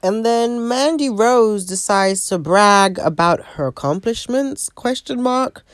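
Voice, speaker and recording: A woman's voice: on the high side, expressive, slow pace, dry recording, studio quality. A woman giving a casual, profane rant review with a sassy, blunt manner. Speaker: wrestling show reviewer.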